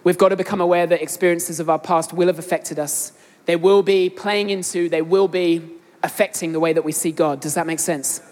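A woman's voice: on the low side, steady tone, brisk, a little mellow. A young woman with an English accent preaching a sermon, earnestly addressing the congregation directly. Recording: long hall reverb.

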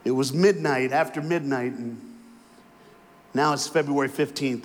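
A male preacher from Florida giving a sermon, swinging from quiet storytelling into fervent, sing-song call-and-response. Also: mid-range voice, steady tone, moderate pace. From Florida, USA. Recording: long reverb in a large hall.

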